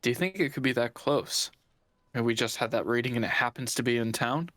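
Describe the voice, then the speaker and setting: A man talking casually as a player at a tabletop game, relaxed and quick to laugh. His voice sits at an ordinary middle pitch. The sound is close and dry. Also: no room sound. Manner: easygoing, laughing often.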